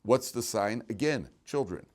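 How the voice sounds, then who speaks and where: A man's voice: medium pitch, expressive, a little slow. A man teaching a Torah class in a casual, joking way, asking the room questions and often restarting his sentences. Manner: chatty, joking, many restarts and rhetorical questions. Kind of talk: informal Torah lecture.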